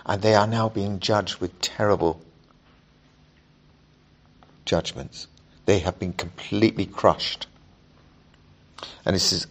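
A man preaching a sermon, explaining scripture in a measured, earnest way and reading passages aloud to the congregation. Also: low-pitched, fairly even intonation.

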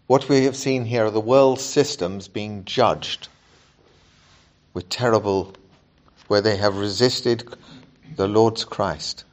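A man preaching a sermon, explaining scripture in a measured, earnest way and reading passages aloud to the congregation. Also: on the low side.

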